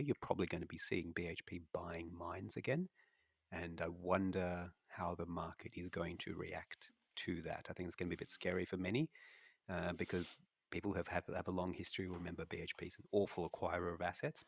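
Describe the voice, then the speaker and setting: Low gravelly Australian man, podcast chat. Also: a bit bright, no room sound, studio quality. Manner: rambling, many restarts and fillers. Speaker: investment analyst co-host. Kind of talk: casual podcast discussion.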